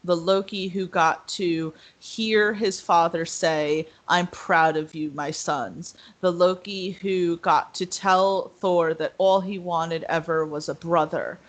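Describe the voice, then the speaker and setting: A woman co-hosting a podcast in casual chat, animated, laughing often and acting out quotes. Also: on the low side, slow, hardly any pauses. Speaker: podcast co-host.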